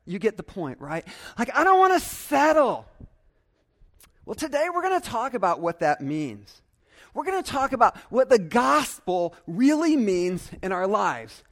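A young adult male pastor preaching a sermon earnestly and emphatically, repeating phrases for stress. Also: sits high.

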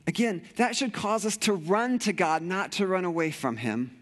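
A man's voice: sits high, normal speed, hardly any pauses, fairly bright tone. A middle-aged male pastor preaching a sermon with passion, repeating phrases and often restarting sentences.

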